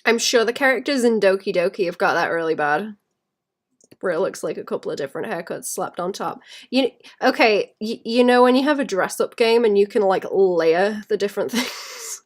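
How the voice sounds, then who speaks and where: A woman who illustrates, chatting casually and thinking aloud while she draws, rambling and laughing softly. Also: mid-range voice, animated, normal speed. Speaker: illustrator streaming while drawing. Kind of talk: casual chat while drawing.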